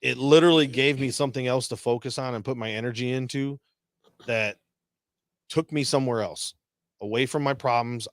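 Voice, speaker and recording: In clean studio sound with no echo, a man from Detroit, Michigan shares casual war stories as a veteran guest. His mid-range voice is full of swearing and laughter, and he animatedly quotes others.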